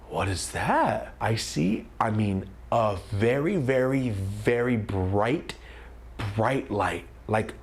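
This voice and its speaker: A young man in his twenties, a comedian, telling a story with lots of energy, sometimes shouting out lines. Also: mid-range voice. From California. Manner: animated, screams and shouts quoted lines.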